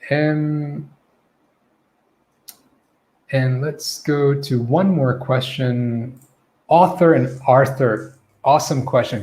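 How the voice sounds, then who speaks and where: In a live online Q&A lesson, a man teaches pronunciation, modeling vowel sounds and often checking in with "okay?" and "right?". His voice is medium-pitched with a somewhat dark tone.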